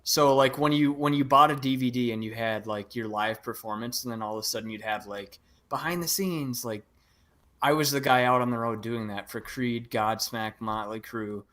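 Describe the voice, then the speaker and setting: A man's voice: medium pitch, normal speed, a bit bright. A man chatting as a guest on a livestream, rambling and a bit self-conscious. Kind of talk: casual livestream chat.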